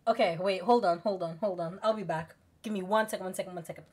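A young woman streaming a game, chatting casually with her viewers, excitable, giggly and quick to swear. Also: on the low side. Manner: excitable, giggly, swears freely, talks to chat. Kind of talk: casual let's-play commentary.

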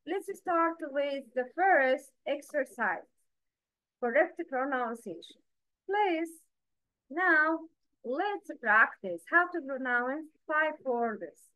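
Slow high-voiced woman teaching. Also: animated, pushed and bright, no echo. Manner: patient, asks listeners to repeat after her; counts and quizzes listeners directly. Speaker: Quran recitation teacher. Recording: dull, lo-fi dry recording.

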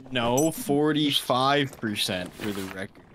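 A male teammate chatters through a match in loose, joking gamer slang. His voice sits at an ordinary middle pitch. A faint background hiss and some clicks are audible. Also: unhurried, fairly bright tone. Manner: loose, slangy, joking, says "bro" a lot. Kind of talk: casual gaming chat.

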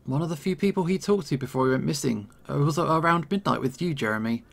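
A man's voice: a little high, fast, vocal fry, a bit bright. A man doing a nervous young otter woman. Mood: tense.

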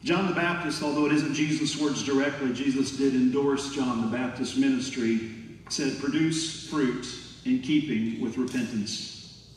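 A man preaching a sermon as pastor, emphatic and lively, sometimes acting out quoted voices. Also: mid-range voice, measured pace, far from the mic, slight background noise. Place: large church hall. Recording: echoey hall from afar.

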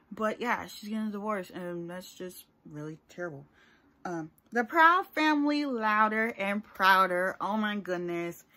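A woman's voice: mid-range voice, a bit bright. A young woman talking casually to her viewers in a rambling, chatty vlog. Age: young adult. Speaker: YouTuber.

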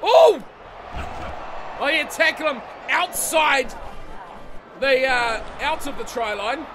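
A man giving excitable let's-play commentary on a rugby video game, swearing and yelling at his own team. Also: very high voice, slow, crowd noise, background noise. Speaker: gaming channel host. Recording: game music playing behind the voice.

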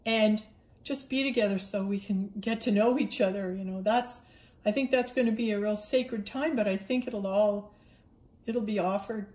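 A woman's voice: mid-range voice, moderate pace, darkish tone, roomy sound. A woman giving an earnest spiritual monologue, repeating herself and stumbling over restarts as she speaks. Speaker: spiritual livestreamer.

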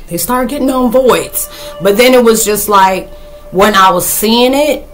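A woman recapping a movie in a casual, rambling vlog, animated and slangy, breaking into loud outbursts. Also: fairly high pitch, a little slow, soft background music. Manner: slangy, folksy phrasing. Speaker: spiritual vlogger.

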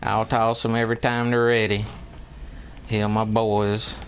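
A man's voice: lowish voice, completely flat delivery, unhurried, a little hiss or hum. Drawling man griping through a game. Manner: drawling, exasperated, pleading with teammates. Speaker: gamer. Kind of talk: gameplay commentary.

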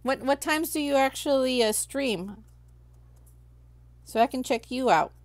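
A woman's voice: sits high, a little slow, no room sound. A woman hosting a crafting livestream, chatting casually with viewers and thinking aloud while she works. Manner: chatty, talks to herself while working, reads chat aloud.

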